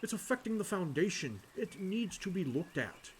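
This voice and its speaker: A man's voice: sits high, sing-song, normal speed, a little hiss or hum, pitched above the performer's own voice. A man voicing a practical village worker from a video game, talking in a plain and insistent way.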